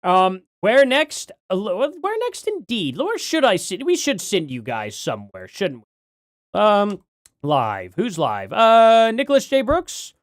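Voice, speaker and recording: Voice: mid-range voice, huge pitch swings, unhurried, dry recording, studio quality. A livestream host chatting casually from home, rambling and correcting themself while reading out donations. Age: adult parent.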